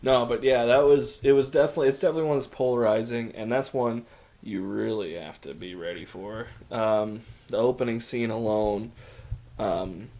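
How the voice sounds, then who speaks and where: A man's voice: medium pitch, normal speed, warm tone. A man co-hosting a podcast, chatting casually and enthusiastically about films and laughing often. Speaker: podcast co-host. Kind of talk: casual film review chat. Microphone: podcast microphone.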